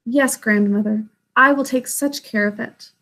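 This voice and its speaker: A woman's voice: a little high, measured pace, a bit bright. A woman voicing a sweet, eager young princess who exclaims breathlessly.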